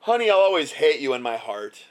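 A man's voice: mid-range voice, sing-song, brisk, lightly acted. A husband coos in exaggerated sweetness that plainly masks coldness, as a male commentator parodies him. The voice stays close to the speaker's own, lifted slightly in mockery. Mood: mock-sweet. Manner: sarcastic mock sweetness.

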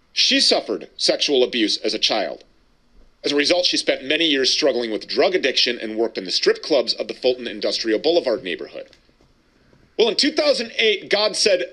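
A man's voice: mid-range voice, sharp tone, slightly rough. A man hosting a Christian talk show, introducing a guest and asking questions in an emphatic, preacher-like way. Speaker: host.

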